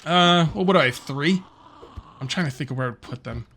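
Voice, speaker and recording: A middle-aged gaming video host gives casual, rambling commentary while playing a survival game, thinking out loud and muttering to himself. His voice is on the high side, brisk and bright, with a forceful tone.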